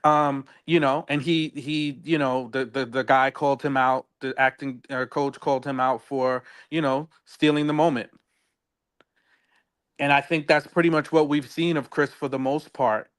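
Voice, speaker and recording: A man's voice: medium pitch, steady tone, moderate pace, a bit bright, clear, resonant tone. A man co-hosting a podcast, chatting casually about a reality show, rambling and searching for words with many fillers. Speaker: podcast co-host.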